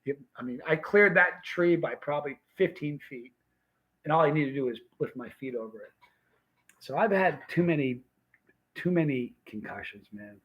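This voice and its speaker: A man's voice: a little high, lively intonation, moderate pace, muffled recording. Rambling man telling a story. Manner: rambling, emphatic, restarts sentences. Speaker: vlog host. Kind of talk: casual livestream storytelling.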